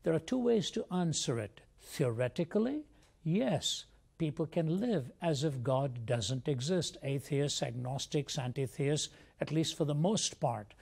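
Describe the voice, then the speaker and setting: A man's voice: fairly high pitch, expressive, measured pace, gravelly, darkish tone, slightly rough. An older man from India, a Christian apologist, telling his life story as an interview guest in an earnest, reflective way.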